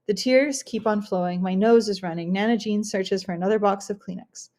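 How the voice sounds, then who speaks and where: A woman reading a first-person novel aloud as an audiobook, expressive, with occasional restarts. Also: medium pitch, fairly quick. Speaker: audiobook reader.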